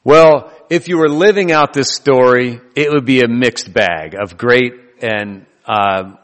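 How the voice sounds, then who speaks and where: A man's voice: medium pitch, unhurried, big-room sound. A man preaching a sermon in a loose, conversational way, joking and laughing between his points. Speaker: pastor.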